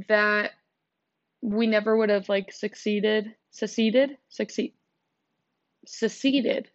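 A woman's voice: mid-range voice, highs cut off. Rambling young woman on a couch. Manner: rambling, self-deprecating, lots of "like" and "um". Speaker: podcast host. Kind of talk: casual solo podcast chat. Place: sitting on a couch at home.

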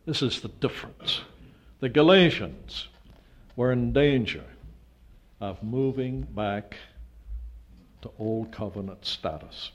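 An older man preaching a sermon, emphatic, with his voice rising to loud peaks when he stresses a point. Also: medium pitch, expressive, slow pace, long pauses. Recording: dull lo-fi sound.

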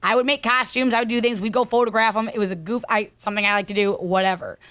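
A young adult woman co-hosting a podcast, telling stories in a chatty, animated way. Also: a little high, fast talker. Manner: chatty, animated storytelling with laughs. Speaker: podcast co-host. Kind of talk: casual chat.

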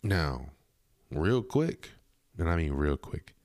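A man's voice: a bass voice, very animated, slow, darkish tone, dry recording, clean studio sound. A man hosting a podcast, giving blunt, indignant commentary on a video clip and swearing freely. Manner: blunt, profane, indignant, repetitive. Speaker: podcast host.

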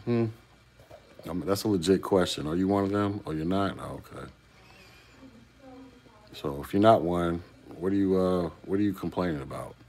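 Deep-voiced male YouTube host, casual chat, rhetorical and conversational. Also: moderate pace, pauses often, a little mellow. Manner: conversational, rhetorical questions to a commenter. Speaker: YouTube commentator.

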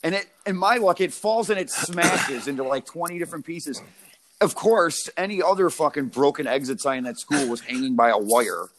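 A man's voice: on the high side, moderate pace, a bit bright, slight background noise. Rambling, profane American guy. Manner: rambling, profane, laughs through his stories. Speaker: podcast co-host. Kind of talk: casual storytelling chat.

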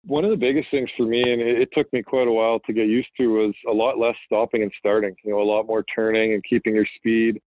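Guest, man in his thirties, low and flat, rambling and relaxed, on a tinny, dry phone line. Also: quick pace, few pauses, no echo. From Manitoba, Canada. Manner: relaxed, rambling, frequent fillers and restarts. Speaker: guest, professional hockey player. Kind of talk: casual phone interview.

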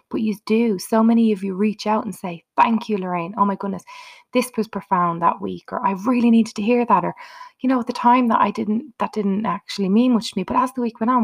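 A woman's voice: fairly high pitch, vocal fry. A woman hosting her own motivational podcast, talking unscripted and earnestly, chatting straight to her listeners. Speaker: podcast host.

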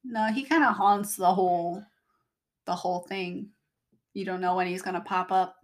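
A woman's voice: on the low side, steady tone, moderate pace. A woman co-hosting a casual chat, hesitant and full of fillers, often searching for words. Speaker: podcast co-host.

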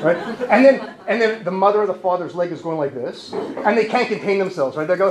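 Male therapist presenting, lively and funny, high animated voice, echoey hall, faint noise. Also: fairly quick, hardly any pauses, crowd noise. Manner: lively and joking, acts out voices. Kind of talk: humorous conference talk. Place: conference hall.

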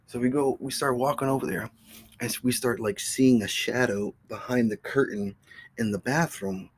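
A man's voice: mid-range voice, normal speed, a little hiss or hum. A man hosting his own podcast, telling a story in a rambling, profane, casual way. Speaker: podcast host.

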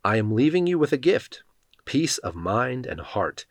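A man giving a measured, even reading of Bible passages, speaking the quoted lines in his own voice. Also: medium pitch, no echo. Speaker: scripture reader.

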